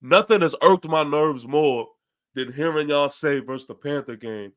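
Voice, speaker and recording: A man's voice: a little high, moderate pace. A young man with a New York accent hosting a fan podcast, ranting after a loss, emphatic and repeating his phrases. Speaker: podcast host. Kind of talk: fan post-game rant.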